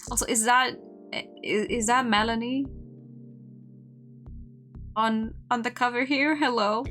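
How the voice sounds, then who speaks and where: A woman's voice: on the high side, fairly even intonation, bright, forceful tone. Playful woman streamer, casual game commentary; faint music in the background. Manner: playful, quick reactions with laughter.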